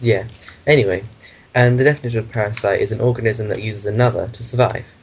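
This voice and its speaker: A man's voice: on the low side, fairly even intonation, fast talker, slight background noise, rough recording. A man co-hosting a casual podcast chat, rambling through meandering explanations of his own ideas. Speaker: podcast co-host.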